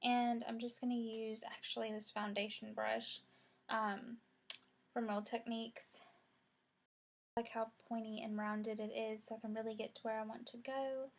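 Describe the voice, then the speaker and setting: A woman's voice: fairly high pitch, little pitch movement, moderate pace, gravelly. A young woman, chatting casually through a makeup tutorial and saying "y'all" a lot. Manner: chatty, rambling, says "y'all" often. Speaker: beauty vlogger.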